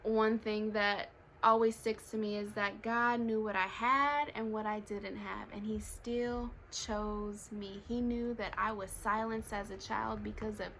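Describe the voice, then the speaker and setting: Passionate, bright-voiced woman. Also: medium pitch, fairly even intonation, a little slow, a little hiss or hum, rough recording. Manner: passionate, earnest, laughs between phrases. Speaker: faith vlogger. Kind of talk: casual devotional talk.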